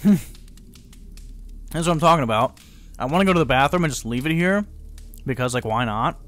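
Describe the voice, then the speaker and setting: A young man casually commenting on a horror game he is playing, profane and prone to loud startled outbursts. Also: mid-range voice, lively intonation, moderate pace. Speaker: gaming channel host. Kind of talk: let's play commentary.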